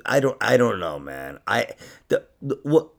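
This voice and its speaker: A man's voice: fairly low pitch, big pitch swings, a little slow, vocal fry, a crowd in the background. A man hosting a podcast in casual chat, teasing his guest and swearing freely. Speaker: podcast host.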